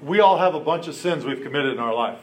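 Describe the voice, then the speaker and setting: Male pastor, sermon delivery, higher-pitched, animated, acts out quotes. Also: quick pace. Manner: animated preaching with acted-out quotes.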